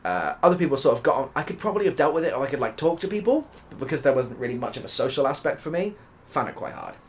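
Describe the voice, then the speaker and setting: Soft-spoken British man, lively voice. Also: mid-range voice, racing. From United Kingdom. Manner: rambling, casual storytelling with frequent swearing. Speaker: ASMR gaming streamer. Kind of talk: soft-spoken gameplay chat.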